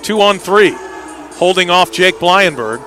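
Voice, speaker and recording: A man doing live play-by-play commentary on an indoor soccer match, with quick calls that rise sharply on big plays. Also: high voice, animated, bright, forceful tone, faint music behind.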